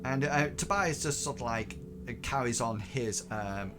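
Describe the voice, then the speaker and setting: A man's voice: mid-range voice, a little slow, music in the background. A man narrating as game master, hesitant and full of fillers and restarts. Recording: noisy recording.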